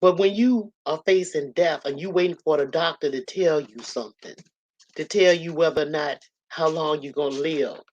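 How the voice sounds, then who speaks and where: A woman's voice: low voice, normal speed, darkish tone, dull audio. Blunt, earthy woman hosting a livestream. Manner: blunt, earthy, storytelling with lots of "you know" and "y'all". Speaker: livestream host. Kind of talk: casual motivational talk. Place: her own room at home.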